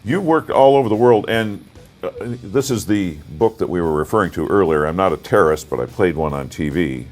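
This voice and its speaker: Low-voiced host with a lively lilt. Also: male voice, brisk. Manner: casual, affirming, prompts the guest. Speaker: talk show host. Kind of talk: casual interview.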